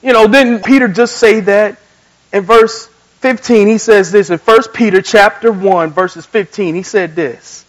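Male pastor, high voice, animated sermon storyteller shifting loud to soft. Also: a little slow, low-quality recording. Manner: swings from loud emphatic to quiet and soft.

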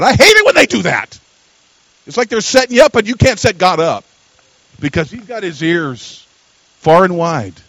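Older male preacher, high-pitched, storytelling sermon delivery that rises to forceful emphasis. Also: no echo, low-quality recording. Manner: storytelling preacher, swinging from quiet asides to loud emphatic peaks. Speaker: pastor.

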